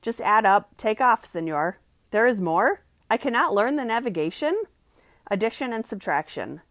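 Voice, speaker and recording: A woman voicing an eager young sailor from a storybook, asking halting questions about numbers. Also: a little high, very animated, fairly bright tone, no room sound, studio quality.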